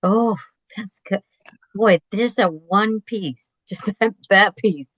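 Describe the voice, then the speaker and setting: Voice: mid-range voice, slow pace, a bit bright, dry recording, highs cut off. A host interviewing a guest, talking in an enthusiastic, reflective way with many fillers. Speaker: host, therapist. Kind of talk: conversational interview.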